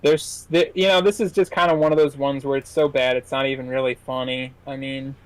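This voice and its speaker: A man co-hosting a film podcast, reviewing a movie in casual chat with many halting restarts and fillers. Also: mid-range voice, little pitch movement, no room sound, low-quality recording. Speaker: podcast co-host, film critic.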